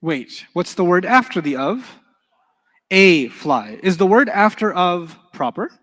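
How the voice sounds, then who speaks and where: An Arabic teacher leads a grammar class in a lively, animated manner, his voice pitched a little high and his pace a little slow. He keeps checking in with his students while the hall adds a long echo.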